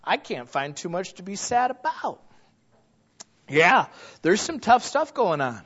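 A man preaching a sermon in a church, animated and quick to laugh as he talks to the congregation. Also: sits high, slightly rough, muffled recording. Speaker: pastor.

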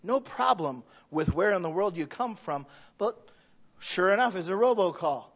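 A man with a high-pitched voice preaches a sermon with passion, and his stories sometimes build to shouts. The recording sounds dull and lo-fi. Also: animated, moderate pace. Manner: impassioned, rising to shouted emphasis; storytelling asides.

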